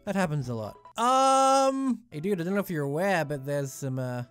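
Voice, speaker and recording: A man's voice: fairly high pitch, big pitch swings, moderate pace, a bit bright, clean tone, soft background music. A young man giving rambling, jokey commentary while he plays a video game. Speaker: let's play gamer. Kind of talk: casual gameplay commentary.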